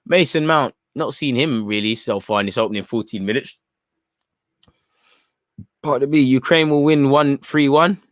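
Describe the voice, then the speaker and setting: A man at a middle pitch talks through a live football match in a casual, opinionated way. He reacts to the play and to his viewers, often ending phrases with "man." His voice is recorded dry and close, with little room sound. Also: moderate pace, pauses often, fairly bright tone, dry recording. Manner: reads chat messages aloud and reacts. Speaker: football watchalong host.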